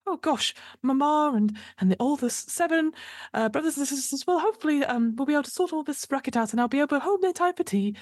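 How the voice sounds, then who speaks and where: A woman's voice: high-pitched, expressive, fast talker, darkish tone, no echo, clean studio sound, voice pushed up. A woman voicing a timid, anxious bespectacled man who stammers politely. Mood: flustered.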